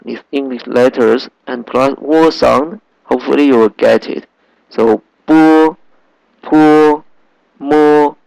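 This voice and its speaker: A man teaching a language lesson, patiently repeating sounds slowly for learners. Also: medium pitch, creaky, darkish tone, no echo, poor audio. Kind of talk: slow classroom lesson.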